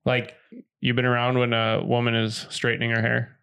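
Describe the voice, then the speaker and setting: A man's voice: medium pitch, monotone, moderate pace, gravelly, a bit bright, clear, resonant tone. A young man in casual chat, teasing his friends with crude jokes.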